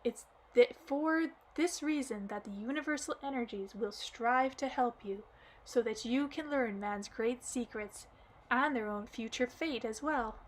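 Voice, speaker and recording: A wise light-haired man explains things patiently and calmly, as a woman reads him aloud in an audiobook. The voice sits a little high. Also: measured pace, a little hiss or hum, lightly acted. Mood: explaining.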